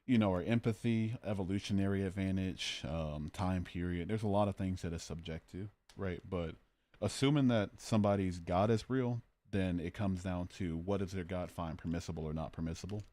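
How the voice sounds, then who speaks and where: A man's voice: low-pitched, moderate pace, warm tone, no room sound. A man hosting a casual livestream, arguing about morality and joking as he reads out his chat. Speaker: livestream host.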